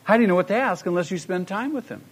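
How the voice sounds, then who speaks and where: Preacher man, slightly high voice. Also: expressive, racing, breathy edge. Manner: emphatic, rhetorical questions to the congregation. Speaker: pastor. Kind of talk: sermon.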